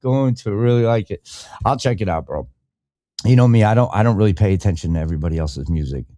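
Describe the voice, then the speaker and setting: A man's voice: lowish voice, lively intonation, quick pace, dark tone, dry recording, studio quality. Fired-up, profane middle-aged man ranting. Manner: profane, rambling, fired-up and opinionated. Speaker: podcast host. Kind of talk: casual live-stream rant.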